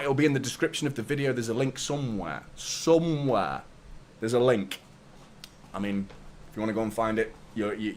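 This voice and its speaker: A man hosting a live football watchalong, chatting casually, greeting viewers by name and swearing now and then. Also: on the high side. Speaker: fan channel host.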